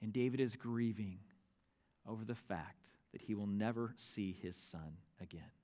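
A male pastor preaching a sermon, reading scripture aloud with dramatic, expressive delivery. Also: on the low side, normal speed, muffled recording.

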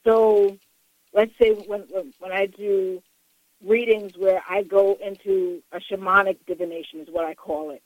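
A woman talking as a psychic medium guest in an interview, recalling stories with halting, repeated words. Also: medium pitch, dry recording, low-quality recording. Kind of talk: casual interview talk.

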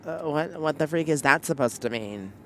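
A man's voice: a little high, expressive, moderate pace, pushed and bright, slight background noise. A man co-hosting a casual podcast from a car, teasing his partner and acting out what people said. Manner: playful, teasing, acts out quotes. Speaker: podcast co-host. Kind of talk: casual chat. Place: in a parked car.

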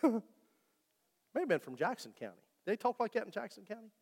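A high-voiced, lively pastor preaches at normal speed with some vocal fry. He addresses the congregation in a conversational way, joking with them, while the church hall produces a long reverb.

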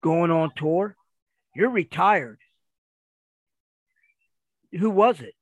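A man's voice: on the high side, expressive, extremely slow, no echo, exaggerated voice. A man putting on an exasperated scolding wife.

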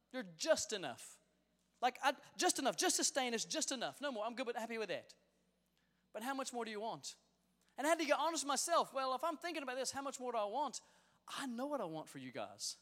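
A youth pastor in his thirties preaches with excitement, his pitch leaping high and low as he tells stories. His high, animated voice rings out in a large hall with long reverb. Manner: lively, storytelling, excited. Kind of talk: sermon.

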